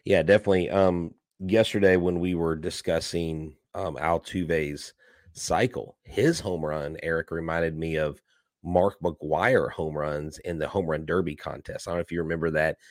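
A man's voice: low voice, fairly even intonation, normal speed, no room sound, clean studio sound. A man co-hosting a casual sports podcast, joking and teasing his partner. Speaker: podcast co-host.

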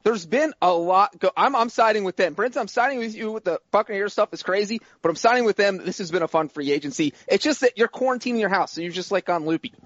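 A man argues his case on a sports podcast, thinking out loud about what might happen. His voice is very high for a man, and the audio is dry and muffled. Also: lively intonation, quick pace, hardly any pauses, no room sound. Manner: argumentative, speculating. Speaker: podcast co-host. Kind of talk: casual sports podcast chat.

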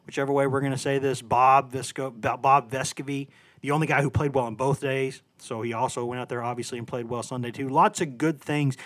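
A man's voice: mid-range voice, no room sound. A man co-hosting a sports podcast, chatting casually about college basketball and stumbling over names as he corrects himself.

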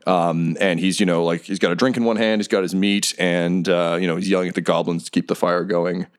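Deep-voiced man running a tabletop game. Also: little pitch movement, brisk, clean tone. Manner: loose narration full of ums and uhs. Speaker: game master.

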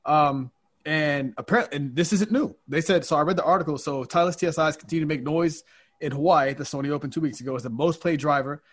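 A man hosting a casual podcast chat, telling a story in an animated, rambling way with many restarts. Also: fairly high pitch, quick pace. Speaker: podcast host.

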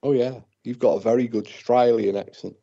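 A man's voice: medium pitch, steady tone, a little fast, gravelly, mellow, breathy edge, dry recording, highs cut off. A British man co-hosting a podcast, teasing in a dry way. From Britain. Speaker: podcast co-host. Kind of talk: casual podcast chat.

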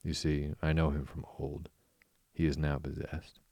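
A man's voice: rumbling low, level tone, measured pace, creaky, no room sound, heavily acted. A man voicing a stern, practical male water rat who speaks firmly and sharply in a storybook reading. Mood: firm exasperation. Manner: firm, sharp, exasperated.

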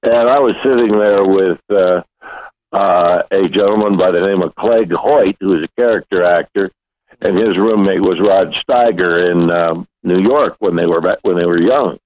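A man's voice: low voice, normal speed, no echo. Older man telling stories over a phone line. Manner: rambling anecdotes with restarts and chuckles. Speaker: guest actor. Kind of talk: casual interview storytelling. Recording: dry thin phone-like line.

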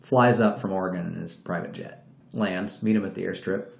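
Brief: a low-voiced man spinning a swearing, lively yarn, roomy echo. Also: a little fast, gravelly. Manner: profane, animated, acts out quoted voices. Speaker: guest telling a story. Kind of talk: casual storytelling.

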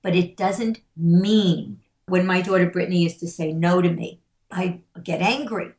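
A middle-aged woman who coaches on parenting and stress, telling stories slowly and emphatically and acting out the voices of the people in them. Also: fairly low pitch, darkish tone, echoey room. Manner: slow, emphatic, acts out the voices in her stories. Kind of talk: interview storytelling.

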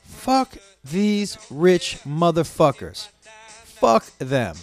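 Profane ranting man, slightly high voice. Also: very animated, drawn-out words. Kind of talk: stream-of-consciousness rant. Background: faint music playing.

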